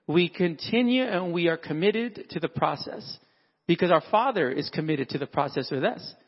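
A man's voice: on the high side, normal speed, in a large hall, muffled recording. A man addressing fathers at church in a conversational, sermon-style talk, acting out everyday dialogue. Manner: conversational, acts out dialogue with animated voices.

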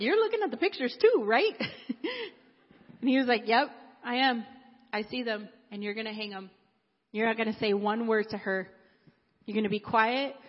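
A woman giving an earnest, emotional sermon testimony, telling her story with emphatic pauses. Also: high-pitched. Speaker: preacher. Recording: dull sound with long hall reverb.

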